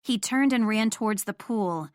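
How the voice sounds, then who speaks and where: A woman's voice: medium pitch, moderate pace, clean tone, no room sound, studio quality. A young woman narrating a first-person romance audiobook in an intimate storytelling manner.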